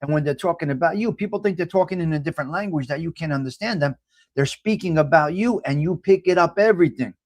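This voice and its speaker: New York guy hosting a morning show, talkative and rambling, a bit high-pitched, dry close sound. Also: fast, no echo. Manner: rambling, repetitive and chatty, often addresses viewers by name. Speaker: host. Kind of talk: casual morning chat reading a horoscope and viewer comments.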